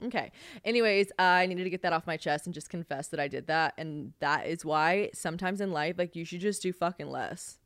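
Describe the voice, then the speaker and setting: A woman's voice: on the low side, fairly quick, a bit bright, no echo, clean studio sound. A young woman hosting a podcast, chatting casually and venting in an exasperated way, swearing freely and saying "like" constantly. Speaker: podcast host. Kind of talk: casual solo chat.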